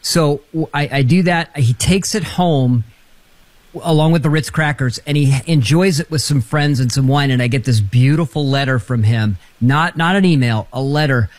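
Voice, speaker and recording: A man co-hosting a casual talk show, telling a relaxed anecdote. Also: a little high, normal speed, dry recording. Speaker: co-host.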